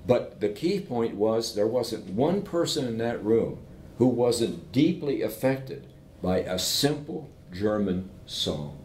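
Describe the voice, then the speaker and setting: A man with a slightly low voice tells lively anecdotes, pausing to ask his listeners if they follow. He sounds like he is in a roomy, echoing space with a faint rumble behind him. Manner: animated anecdotes, keeps checking in with "okay?". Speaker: invited professor speaking with entrepreneurs. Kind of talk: conversational storytelling.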